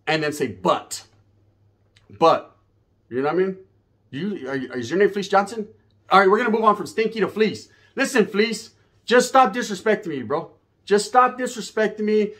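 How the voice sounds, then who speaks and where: Brief: man ranting on his channel, cussing and confrontational, slightly higher voice. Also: fairly bright tone. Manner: profane, confrontational, swaggering. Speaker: YouTuber. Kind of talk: ranting monologue to camera.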